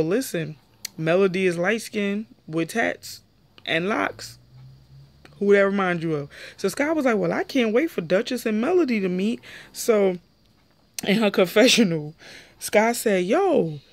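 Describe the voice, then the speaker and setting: Opinionated young woman recapping a TV show, dry sound. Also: no room sound. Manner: animated, opinionated, jumps pitch when quoting people. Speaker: show reviewer. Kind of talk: casual TV recap commentary.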